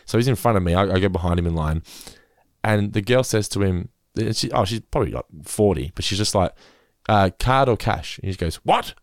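An Australian man hosting a casual chat, an animated storyteller who acts out quotes and laughs often. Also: deep voice, quick pace, no room sound, clean studio sound. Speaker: podcast host.

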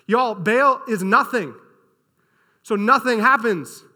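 A man preaching a sermon as pastor, telling a scripture story in an energetic, casual and animated way. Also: very high voice, slow. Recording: long hall reverb.

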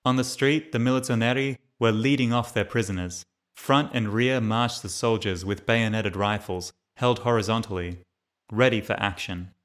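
A man's voice: on the low side, fairly bright tone. A man narrating a memoir as an audiobook reader, reading steadily and lifting his voice for the quoted lines.

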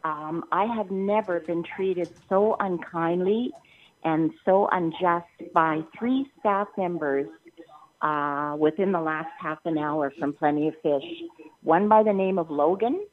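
A woman's voice: on the low side, unhurried, a little hiss or hum. An older woman from Canada, upset and near tears, complaining at length on the phone and circling back over her grievance. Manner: long-winded, indignant, circling back and repeating herself. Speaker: prank call target. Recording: tinny phone line.

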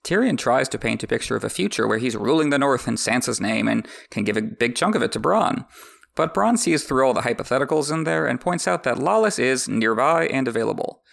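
A man's voice: medium pitch, expressive, a little fast, vocal fry, fairly bright tone. A man hosting a podcast, reading a book aloud with wry, joking asides. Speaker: podcast host. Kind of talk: reading a book with comedic commentary.

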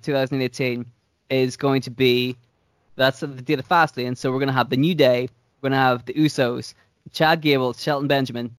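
A man's voice: medium pitch, no room sound. A young man chatting casually as a podcast co-host, telling a long story in a rambling way with casual swearing. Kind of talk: casual chat recapping wrestling storylines.

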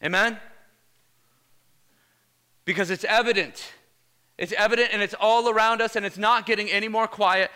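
A male pastor preaching a lively sermon, energetic and casual, calling out "Amen?" to the congregation. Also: sits high, moderate pace, long pauses, clean tone. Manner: energetic, casual slang, repeated "Amen?" calls.

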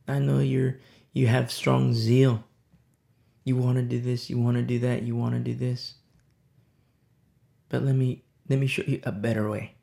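A male pastor with a gravelly, creaky voice at a mid pitch. He preaches in a loose, conversational way and drives his points home by repeating them. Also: level tone, measured pace, long pauses, warm tone. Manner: conversational, repetitive emphasis. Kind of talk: sermon.

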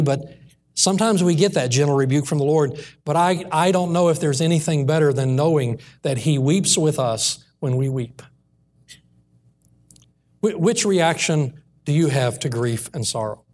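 Male preacher, earnest sermon delivery, slightly higher voice. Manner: earnest, slows and softens on key lines. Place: church.

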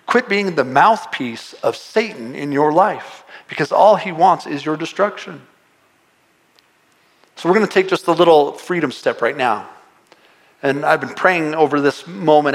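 A man with a somewhat high voice preaches to his congregation. His delivery is earnest and pleading, full of restarts, repeated words and rhetorical questions as he presses his point. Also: moderate pace. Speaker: pastor. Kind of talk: sermon.

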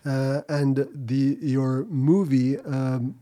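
Man, mellow voice, reflective, halting restarts, casual podcast chat. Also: mid-range voice, steady tone.

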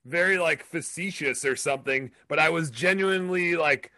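A man co-hosting a podcast, telling his side of a story in a defensive, deliberate way. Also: on the high side, bright, forceful tone, dry recording. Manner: defensive, slow and deliberate, with restarts. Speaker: podcast co-host.

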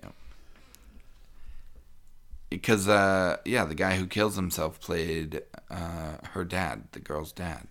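A man's voice: low-pitched, fairly even intonation, slow pace, pauses often, a bit bright. A man co-hosting a podcast, talking in a rambling, self-interrupting way and laughing often. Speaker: podcast co-host. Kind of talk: casual chat.

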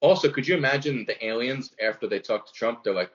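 A man's voice: mid-range voice, animated, quick pace. A young man in casual, profane comedic chat, riffing on topics and acting out bits. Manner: profane, joking, acts out bits. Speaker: podcast co-host. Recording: dull lo-fi recording.

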